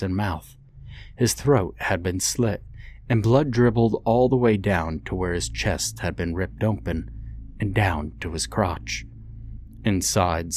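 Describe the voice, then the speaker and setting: A man reading a horror story aloud in a slow, deliberate, grim way. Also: sits low. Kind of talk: scripted horror narration.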